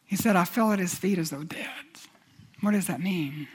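A woman preaching a sermon in an earnest way, moving from hushed, quiet passages to rousing exhortations. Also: fairly low pitch, normal speed, husky.

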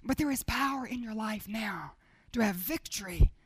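A woman preaching a sermon, moving between soft, intimate asides and loud, declaiming proclamation. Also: fairly high pitch, animated, moderate pace, slightly rough, no echo.

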